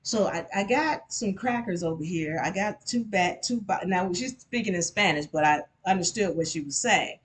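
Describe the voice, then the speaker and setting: A woman's voice: lowish voice, moderate pace, hardly any pauses. A woman telling a personal story to a live audience, speaking directly to the crowd and pushing her voice up sharply when she gets heated. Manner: animated, addresses the audience directly, voice rises sharply in anger. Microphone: microphone at a live event.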